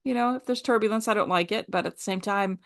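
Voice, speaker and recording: A woman co-hosting a podcast, speaking earnestly and haltingly in casual chat. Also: medium pitch, gravelly. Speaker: podcast co-host.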